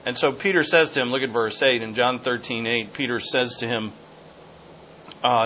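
A man's voice: mid-range voice, fairly even intonation, normal speed, bright, forceful tone. A man in the middle of his range delivers an expository sermon, earnest and repetitive, often circling back and searching for the right word. The recording is muffled and lo-fi, with a faint hiss underneath. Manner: earnest, repetitive, searching for words mid-sentence. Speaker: pastor. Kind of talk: expository Bible teaching. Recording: dull lo-fi sound with faint noise.

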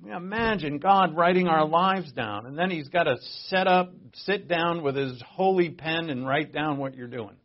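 Gravelly middle-aged man preaching. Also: fairly high pitch, normal speed, hardly any pauses, dull audio. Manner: conversational, joking asides, sudden swings from loud to quiet. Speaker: pastor. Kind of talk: sermon.

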